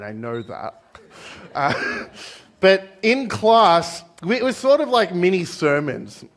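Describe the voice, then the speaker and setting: A man's voice: on the high side, fairly bright tone. A young Australian man with an Australian accent giving a conversational church sermon, joking and acting out the people in the story. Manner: conversational, joking, acts out quoted voices. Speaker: pastor. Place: church hall.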